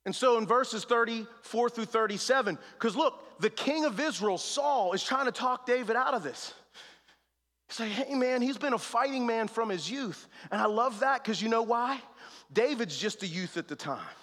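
High-voiced preacher man in a reverberant hall. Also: animated, moderate pace. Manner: preaching with swings from hushed to shouted; plain slangy street talk. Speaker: pastor. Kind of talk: sermon.

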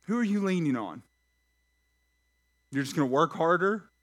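Higher-voiced man preaching a lively sermon. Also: normal speed. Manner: lively, talks directly to the congregation with questions and jokes. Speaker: pastor. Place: church sanctuary.

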